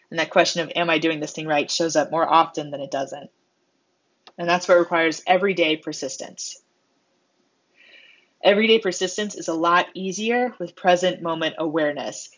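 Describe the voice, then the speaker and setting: A woman delivering a motivational monologue, expressive and self-mocking, acting out the voices she quotes. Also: deep voice. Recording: slightly dull lo-fi sound.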